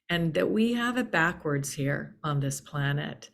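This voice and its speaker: A woman's voice: low-pitched, expressive, unhurried, vocal fry. A woman hosting an inspirational spiritual talk, speaking earnestly and soothingly and repeating key phrases for emphasis. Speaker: spiritual channel host.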